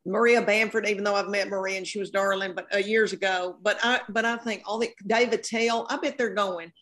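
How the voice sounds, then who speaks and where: A woman. She is chatty and folksy, full of exclamations, and sits at a middle pitch for a woman. She is a comedian guest on a casual podcast. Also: steady tone, a little fast, fairly bright tone. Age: 50s.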